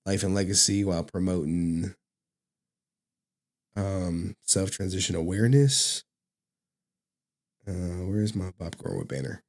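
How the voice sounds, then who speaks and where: A man's voice: deep voice, darkish tone. A man hosting a casual reaction stream, laid-back and rambling, laughing often. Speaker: host.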